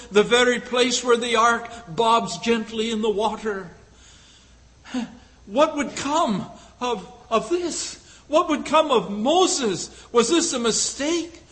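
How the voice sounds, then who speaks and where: Male preacher, high voice, storytelling sermon, rhetorical questions, halting fillers. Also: fairly bright tone, rough recording.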